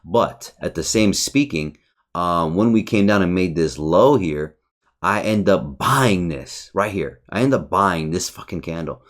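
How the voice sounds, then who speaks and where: A man's voice: deep voice, lively intonation, a little slow. A young man hosting a trading channel, reviewing his trades in a frustrated, rambling, profane way. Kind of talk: casual market review over charts.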